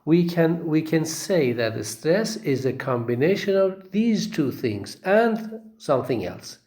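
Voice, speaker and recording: A man teaching a lecture class, speaking with an Arabic accent, halting and repeating himself with many fillers and frequent checks of "okay?". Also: a little high, sing-song, a little mellow.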